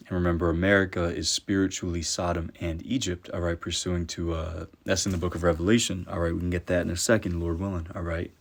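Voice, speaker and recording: Deep-voiced male preacher, deliberate scripture reader, constant "all right?" check-ins. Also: flat delivery, creaky. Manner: peppers speech with "all right?"; reads verses slowly and deliberately. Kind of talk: scripture teaching.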